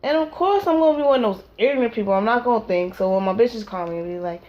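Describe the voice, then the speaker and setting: A woman with a high voice tells a rambling, comic story at home. She is animated and breaks into silly voices and sound effects as she acts out each scene. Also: fast, muffled recording. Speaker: vlogger and mother. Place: home at her child's naptime.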